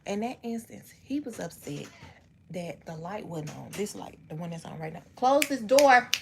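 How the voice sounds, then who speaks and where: A woman's voice: on the low side, lively intonation, moderate pace, gravelly, noisy background. A woman in her bedroom telling a personal story to her live chat, ranting and cursing freely as she talks straight to viewers. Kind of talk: casual storytime livestream.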